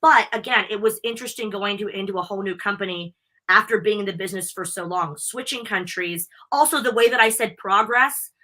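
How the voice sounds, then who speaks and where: A bubbly young American woman talks fast and freely in a live podcast interview. Her voice is bright and forward, and she tells stories with plenty of lift and animation. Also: mid-range voice. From United States. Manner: bubbly, talkative, animated storytelling. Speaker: wrestling interviewer and guest. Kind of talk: casual live interview chat.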